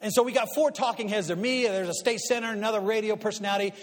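Middle-aged male speaker, high voice, lively storytelling before a crowd, long hall echo. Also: very fast. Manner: animated storyteller, swinging from quiet asides to loud punchlines. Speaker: guest speaker and media commentator. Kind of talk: storytelling talk to a live audience. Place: large hall before an audience. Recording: long reverb of a large hall.

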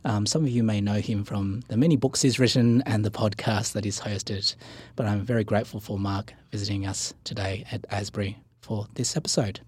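Australian man hosting, husky voice. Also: lowish voice, fairly even intonation, a little fast, hardly any pauses, darkish tone, no echo. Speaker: podcast host, professor. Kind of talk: conversational interview.

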